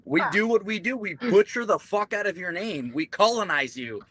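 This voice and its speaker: A veteran man tells rowdy, profane stories in a relaxed chat. His voice sits a bit high and rings bright and forceful. He jokes constantly. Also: normal speed, dry recording. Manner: animated, profane, joking. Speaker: guest, Marine veteran. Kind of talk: casual storytelling chat.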